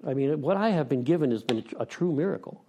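A man's voice: on the high side, expressive, fast, warm tone, slight background noise. A middle-aged man from Pennsylvania giving a candid personal share at a recovery meeting, frank and wry, rambling with restarts and self-deprecating laughs.

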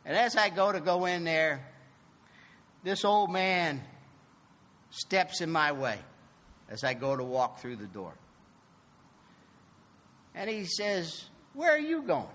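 Man, recovery meeting speaker, bright tone, slow and deliberate, long hall reverb. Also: a little high. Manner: animated storytelling, acting out both sides of dialogue; emphatic, swings from loud to soft. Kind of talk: personal recovery testimony.

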